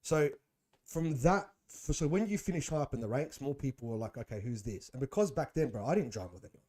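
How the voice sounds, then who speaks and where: A young man tells stories in loose, slangy podcast chat, calling his host bro and man. His voice sits at an ordinary middle pitch, and he talks in an animated, lively way. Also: a little fast. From Australia. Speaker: guest. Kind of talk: casual interview chat.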